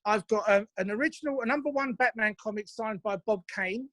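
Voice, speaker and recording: A man from England, a musician guest, telling chatty anecdotes with quick asides over a video call from his home. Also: high voice, fairly bright tone. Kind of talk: casual interview chat.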